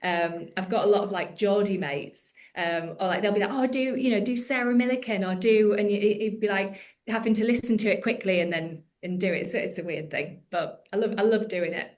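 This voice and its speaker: This is a woman comedian in her thirties on a casual podcast. She is chatty and self-mocking, and her voice sits at an ordinary middle pitch. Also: fairly quick, few pauses. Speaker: comedian guest.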